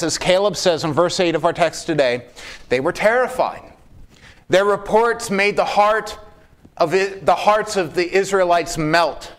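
Guy preaching, kinda high voice, calls everyone beloved, slow and measured. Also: fairly bright tone. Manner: measured preaching, slows for emphasis, addresses the congregation as beloved. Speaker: pastor. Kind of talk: sermon.

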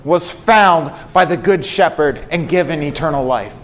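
Earnest male preacher, slightly high voice. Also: normal speed, few pauses. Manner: earnest, rhetorical, rising emphasis on repeated phrases. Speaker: pastor. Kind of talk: sermon.

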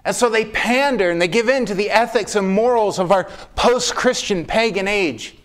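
A man preaching a sermon in a measured way, slowing for emphasis and calling his listeners beloved. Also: sits high. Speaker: pastor.

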